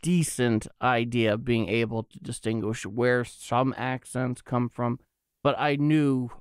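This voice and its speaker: A man hosts a podcast in a relaxed, easygoing way, working out his thoughts as he talks. His voice is smooth and resonant at a mid pitch, with a dry, close sound. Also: unhurried, dry recording. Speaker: podcast host. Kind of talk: casual podcast chat.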